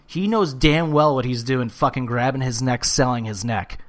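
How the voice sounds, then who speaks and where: A man co-hosting a casual wrestling podcast, ranting and swearing with animated bursts of shouting. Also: mid-range voice, moderate pace. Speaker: podcast co-host. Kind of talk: casual wrestling recap chat.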